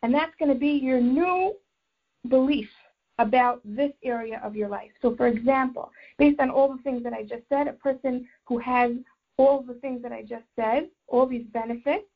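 High husky woman teaching a class. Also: normal speed, muffled recording. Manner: warm explanatory teaching, repeats phrases while thinking. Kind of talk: Torah class with life coaching.

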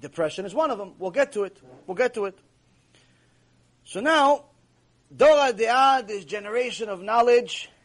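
High-pitched rabbi preaching emphatically. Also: male voice. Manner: emphatic, repeats key phrases for stress; speaks straight to the audience with rhetorical questions. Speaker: rabbi teaching a Torah class. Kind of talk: sermon-style Torah lecture. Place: warm lecture room with a live audience.

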